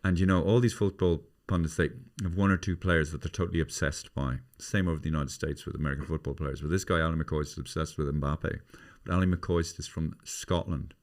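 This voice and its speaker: A man's voice: very deep voice, fairly even intonation, fairly quick, hardly any pauses. An Irish man hosting a podcast in casual family chat, rambling and swearing freely, stumbling over his words. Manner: rambling, sweary, restarts often. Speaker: podcast host.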